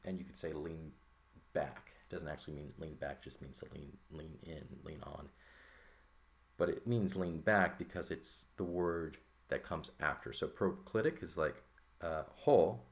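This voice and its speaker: Male Greek tutor with a deep, low voice, relaxed walkthrough style, keeps asking "right?". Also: measured pace. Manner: explains terms with frequent "right?" check-ins and fillers. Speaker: Greek language teacher. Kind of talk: casual textbook lesson walkthrough.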